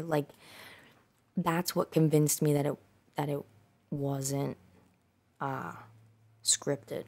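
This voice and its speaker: A woman's voice: low voice, fairly even intonation, very slow, long pauses, warm tone. A young woman hosting a casual solo podcast, rambling and swearing freely with lots of "like" and "dude". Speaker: podcast host.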